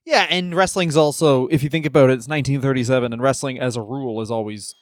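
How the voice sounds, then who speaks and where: A man's voice: medium pitch, quick pace, dry recording. A man co-hosting a comedy podcast, throwing in dry, laid-back remarks. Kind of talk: comedic casual chat.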